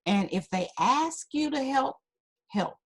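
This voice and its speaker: Appearing as a talk-show guest, a woman counselor gives parenting advice in an interview, emphatic and teacherly, repeating her key points. Her voice is high-pitched and husky, with lively intonation and a slow pace.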